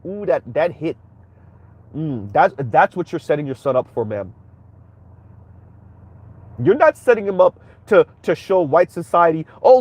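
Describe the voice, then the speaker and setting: A man's voice: on the high side, a little mellow, husky, no echo. A man hosting a commentary stream, reacting bluntly and heatedly while speaking straight to his viewers. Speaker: commentary channel host.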